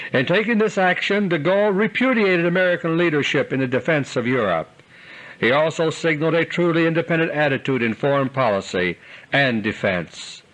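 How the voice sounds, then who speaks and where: A man reading a scripted political commentary in a grave, deliberate manner, dropping low at the ends of his sentences. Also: a bit bright, poor audio. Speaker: commentator delivering an audio newsletter.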